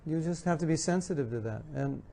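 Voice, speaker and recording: Male lecturer, mellow dark tone, earnest, repeats his points to the audience. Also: fairly high pitch, lively intonation, brisk, vocal fry. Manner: earnest, repeats key phrases, acts out spouses' lines. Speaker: speaker giving a talk on marriage. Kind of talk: spiritual lecture with audience questions.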